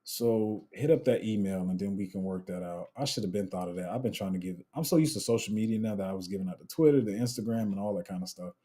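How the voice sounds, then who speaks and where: Husky, low-voiced livestream host. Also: male voice, fast, few pauses, warm tone. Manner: chatty, slangy, trails off and restarts while multitasking. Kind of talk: casual live Q&A, reading chat.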